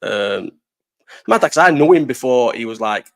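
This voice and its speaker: A man's voice: medium pitch, expressive, measured pace, gravelly. A young man from Bolton with a Lancashire accent, hosting a live stream and chatting casually to his viewers, rambling, swearing and laughing a lot. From Bolton, North West England. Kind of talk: casual chat answering live chat.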